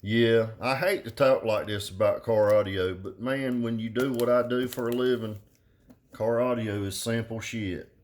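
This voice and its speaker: A man's voice: mid-range voice, steady tone, normal speed, darkish tone. A middle-aged man, ranting casually and bluntly with crude slang. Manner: profane, blunt, drawling southern slang. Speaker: car audio vlogger. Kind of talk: casual rambling rant.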